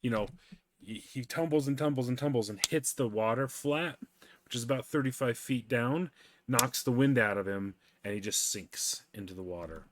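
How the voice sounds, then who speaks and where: A man narrating as game master in a relaxed, storytelling way. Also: medium pitch, moderate pace, background noise.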